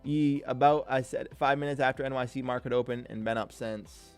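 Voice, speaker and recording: A man's voice: mid-range voice, fairly even intonation, a little fast, soft background music. A man hosting a live day-trading stream, chatting casually and hyping up viewers in slangy, upbeat talk. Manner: hype, calls viewers "King", slangy and upbeat. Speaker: day-trading livestream host.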